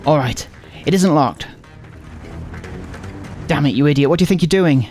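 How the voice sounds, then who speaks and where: A man's voice: a little high, lively intonation, normal speed, a little mellow, soft background music. A man playing through a visual novel, reading every line in a playful, exaggerated comedic way.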